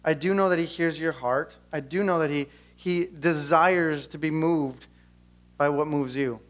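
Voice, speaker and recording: A man's voice: fairly high pitch, unhurried. A young man preaching earnestly at a church service, chatting casually with the congregation and then leading a prayer. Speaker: pastor. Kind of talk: sermon and closing prayer. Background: soft guitar music.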